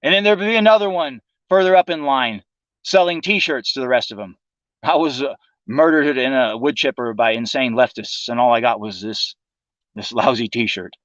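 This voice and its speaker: A man's voice: mid-range voice, normal speed, a bit bright, dry recording, highs cut off. A man hosting a livestream, delivering a profane, sarcastic political monologue in a casual ranting manner. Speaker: livestream host.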